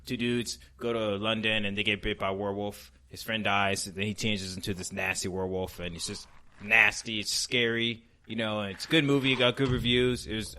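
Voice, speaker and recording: A man's voice: lowish voice, bright, forceful tone. Rambling, profane male podcast host. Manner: rambling, profane, with many ums and searching for names. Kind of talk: casual comedy chat.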